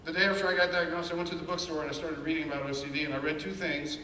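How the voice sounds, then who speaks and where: Man, fairly high voice, candid testimony, heard from a distance in a big reverberant hall. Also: flat delivery, rapid-fire, pushed and bright, a little hiss or hum. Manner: candid, earnest storytelling with quoted inner voices. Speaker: speaker sharing his story. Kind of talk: personal testimony talk. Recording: echoey hall, mic at a distance.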